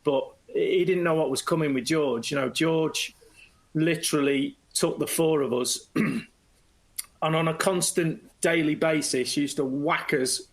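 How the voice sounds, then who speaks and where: A middle-aged man, a former footballer, telling anecdotes as a guest in a lively way and slipping into quoted voices. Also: a little high, measured pace, creaky, low-quality recording. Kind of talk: anecdotal storytelling.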